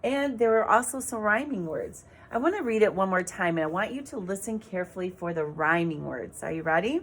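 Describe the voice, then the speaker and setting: A woman teacher giving an online reading lesson to young children, speaking in a clear, sing-song way and spelling words out letter by letter. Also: mid-range voice, lively intonation, brisk, few pauses.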